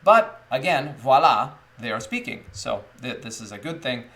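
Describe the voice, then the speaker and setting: A man's voice: mid-range voice, very animated, moderate pace, gravelly, sharp tone. Rambling, joking male English teacher. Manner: rambling, joking, many fillers and restarts. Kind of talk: casual teaching talk to camera.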